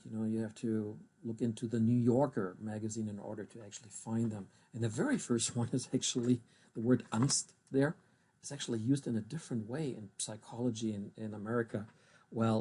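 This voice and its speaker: Husky man teaching German pronunciation. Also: mid-range voice, dark tone. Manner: slow careful spelling and pronunciation of German words. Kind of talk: recorded language lesson.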